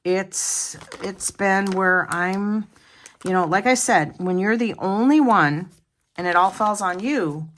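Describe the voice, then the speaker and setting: A woman's voice: medium pitch, slow pace, fairly bright tone. A woman vlogger chatting casually to her viewers, rambling along with many restarts and asides. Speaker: planner vlogger.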